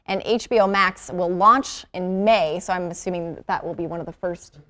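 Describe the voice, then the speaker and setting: A woman's voice: fairly low pitch, moderate pace, fairly bright tone. A woman co-hosting a morning TV show, reading entertainment news and chatting with wry asides. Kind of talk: news segments and studio chat. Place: TV studio.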